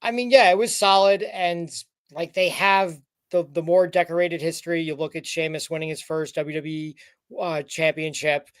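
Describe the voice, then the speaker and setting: A man's voice: on the high side, fairly even intonation, normal speed, smooth, dry recording. A man co-hosting a wrestling recap podcast, chatting casually and rambling with frequent restarts. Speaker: podcast co-host.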